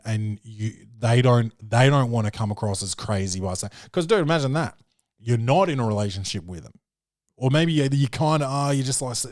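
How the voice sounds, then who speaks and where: A man's voice: medium pitch, a little mellow, dry recording, studio quality. Laid-back podcast guy, swearing. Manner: loose and profane, full of "dude" and "man". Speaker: podcast host. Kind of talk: casual comedic review chat.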